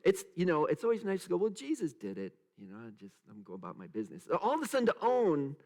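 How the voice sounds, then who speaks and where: Lively, animated male pastor. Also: on the high side, quick pace. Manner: animated, acts out quotes in a raised voice; leads the congregation in repeating phrases. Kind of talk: sermon.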